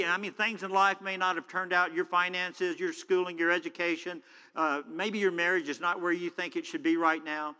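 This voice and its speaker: A man preaching in a church sanctuary, his voice bright and slightly high. He acts out the quoted voices with big swings in pitch and loudness, and a long reverb trails each phrase. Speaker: pastor. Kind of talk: sermon. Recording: hall reverb.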